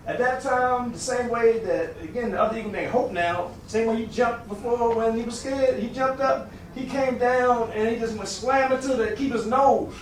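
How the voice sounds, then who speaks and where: A man tells a story in a loose, casual way, lifting his pitch sharply and shouting when he acts out the characters. He sounds distant from the mic in a heavily echoing room. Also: moderate pace, few pauses, a little hiss or hum. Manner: animated, acts out quotes with big pitch jumps and shouts. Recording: very echoey room, recorded from a distance.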